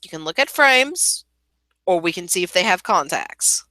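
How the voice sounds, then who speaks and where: A woman voicing a patient adult guardian who calmly reasons with a teenager. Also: fairly low pitch, moderate pace, no echo.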